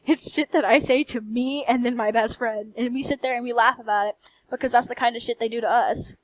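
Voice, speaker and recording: A soft-spoken young woman with a country accent, her voice sitting a little high. She talks candidly and bluntly, swearing freely as she rants late at night. The sound is close and dry, with no room around it. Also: fairly even intonation, fairly quick, no echo, low-quality recording. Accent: American country. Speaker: vlogger.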